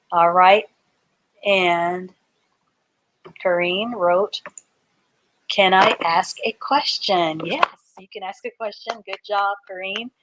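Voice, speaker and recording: Woman, reading teacher, live online lesson, very slow delivery, patient letter-by-letter phonics. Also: lowish voice, fairly bright tone, low-quality recording.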